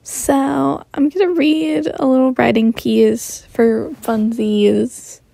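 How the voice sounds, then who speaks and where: A woman's voice: high-pitched, level tone, slow pace, creaky, mellow, no room sound. A woman casually reading her own story aloud, with giggly, chatty asides and slang.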